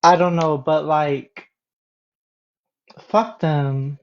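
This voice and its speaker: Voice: mid-range voice, fairly even intonation, drawn-out words, muffled recording. A caller on a livestream talking in a laid-back, rambling, hesitant way. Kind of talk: casual call-in chat.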